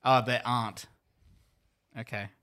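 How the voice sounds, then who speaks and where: A man's voice: medium pitch, steady tone, a little slow, fairly bright tone. A man in casual movie commentary with friends, blurting reactions and swearing freely.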